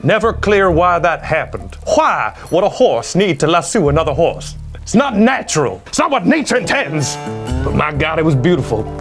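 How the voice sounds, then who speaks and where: A man's voice: a little high, sing-song, a bit bright, soft background music. A man putting on a drawling old cowboy storyteller. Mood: folksy. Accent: put-on American Southern. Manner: slow folksy drawl with fillers.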